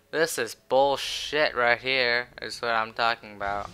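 A man commentating his own match, swearing and swinging from low muttering to shouted taunts. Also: measured pace, few pauses, clear, resonant tone. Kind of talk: raging gameplay commentary.

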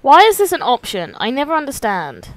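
A young woman commentating on a video game, excitable and quick to swear, her pitch bouncing all over the place. She chats to the characters as if they could hear her, in a loose, casual way. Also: no echo. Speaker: let's play host.

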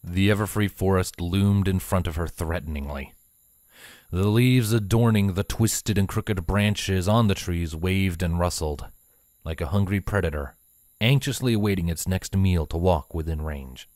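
A man reading a fanfiction story aloud in a slow, measured, expressive storybook narration. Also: low-pitched, no echo. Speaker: fanfiction reader. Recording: dry close voice with faint music.

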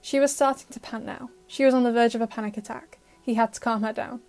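A woman narrating an audio fan-fiction story with steady, emotive storytelling. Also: fairly high pitch, quick pace, soft background music.

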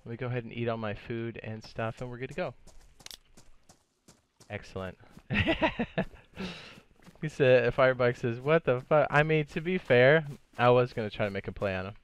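A man giving live, excitable commentary while streaming a game, swearing and laughing often. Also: mid-range voice, brisk, clean tone, no room sound, muffled recording.

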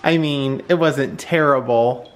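A man's voice: mid-range voice, slow. A man hosting his own daily home vlog, chatting casually and filling his talk with "like". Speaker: vlog host.

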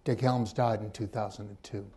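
A man's voice: fairly low pitch, steady tone, normal speed, warm tone. A man on a panel making emphatic points with rhetorical questions and wry asides. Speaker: author and journalist on a panel. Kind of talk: panel discussion.

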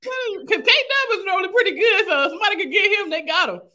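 A woman from Los Angeles hosting a casual chat, energetic and quick to laugh. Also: very high-pitched, slight background noise. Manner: laughs easily, energetic interviewer. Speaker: host.

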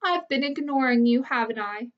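A kind, gentle young girl with a friendly way of speaking, as a woman reading a storybook aloud gives her voice. Her voice is fairly high, and the recording is slightly muffled. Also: animated, moderate pace.

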